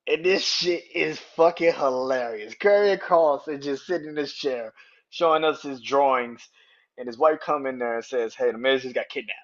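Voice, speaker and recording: On dull audio, a man with a medium-pitched voice and moderate pace runs a solo wrestling podcast. His commentary is loose and profane, with big laughs and acted-out lines from those he quotes.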